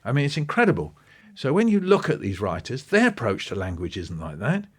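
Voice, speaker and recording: A man, an interview guest talking with lively enthusiasm and acting out bits of what he describes. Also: medium pitch, fairly quick, breathy edge. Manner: animated, quoting and acting out passages. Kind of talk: podcast interview.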